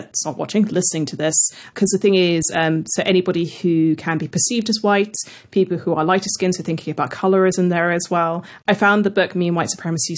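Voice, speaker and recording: A woman with a British received pronunciation accent, speaking reflectively as a podcast guest. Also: on the low side. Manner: reflective, thoughtful, with frequent qualifiers. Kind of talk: conversational interview.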